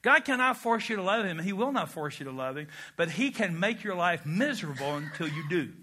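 Guy preaching in church, high bright voice, jokey, keeps asking the crowd stuff. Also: a little fast, slight background noise. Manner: animated, humorous, asks the congregation questions. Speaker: pastor. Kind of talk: sermon.

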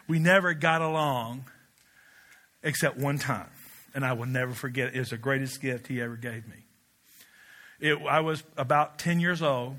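A middle-aged male pastor from Kentucky, preaching a sermon with animated storytelling. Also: medium pitch. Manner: animated storytelling with laughs and shouted quotes.

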